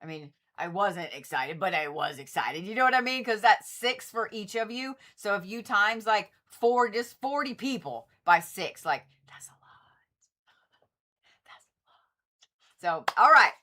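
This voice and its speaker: A woman's voice: medium pitch, moderate pace, hardly any pauses, pushed and bright. A woman doing casual zodiac card readings on a livestream, chatty and blunt, swearing freely and talking straight to her viewers. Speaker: Reiki practitioner and tarot reader.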